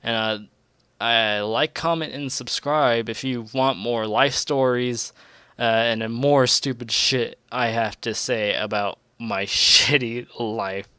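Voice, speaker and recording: A man's voice: medium pitch, fairly even intonation, takes it slowly, sharp tone, clear, resonant tone, no room sound. A young man telling a crude, rambling storytime vlog, laughing at his own story. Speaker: storytelling vlogger.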